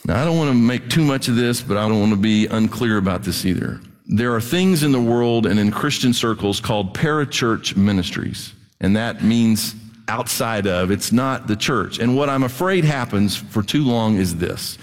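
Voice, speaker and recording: A middle-aged pastor preaches a sermon to his church, speaking conversationally with blunt emphasis. His voice is on the low side and his pace is moderate. The church hall gives the recording a long reverb.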